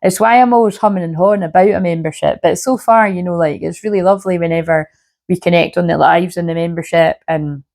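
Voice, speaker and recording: A woman's voice: on the low side, fast, darkish tone. A woman, a shamanic healer, rambling casually to camera at home with a sore throat, swearing freely and saying "you know what I mean" a lot. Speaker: shamanic healer and spiritual reader. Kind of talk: casual spiritual reading monologue to camera.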